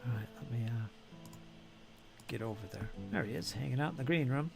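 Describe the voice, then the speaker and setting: A man's voice: medium pitch, a little fast, vocal fry. A middle-aged man hosting a live stream, chatting casually and jokingly, laughing often. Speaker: stream host. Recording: background music on a live stream.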